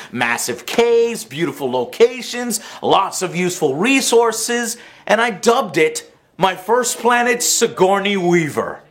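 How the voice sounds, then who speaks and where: A man's voice: high-pitched, a bit bright. A man reading a scripted game review voice-over, earnest with a wry edge.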